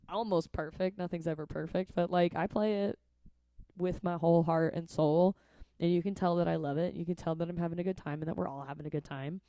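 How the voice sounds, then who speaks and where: Young woman, casual vlog monologue, chatty and earnest, slightly low voice, dry close sound. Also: warm tone, no room sound. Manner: chatty, frequent "like" and "right?", earnest. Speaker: vlogger and musician.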